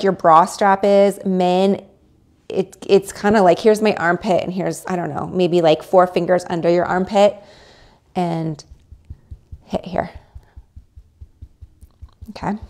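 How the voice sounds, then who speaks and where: A woman's voice: medium pitch, steady tone, a little slow, pauses often, a little mellow. Woman coaching viewers on a livestream. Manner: coaching, demonstrates tapping, acts out inner voices. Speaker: livestream host. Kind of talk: casual livestream talk.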